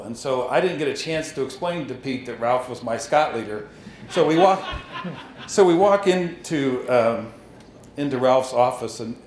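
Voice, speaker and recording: A man's voice: mid-range voice, a little hiss or hum. An older man giving an anecdotal speech at a dedication ceremony, telling stories with chuckles and restarts. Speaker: ceremony speaker. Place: hall at an outdoor marker dedication. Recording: echoey with faint ambience.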